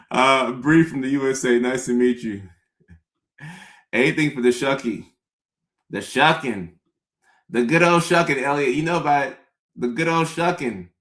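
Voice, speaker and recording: Slow and pausing often, a young male comedian host jokes around with viewers in a fairly bright, mid-range voice. For his bits he slips into mock-pleading tones, and it's all a casual comedic riff recorded in an echoey room.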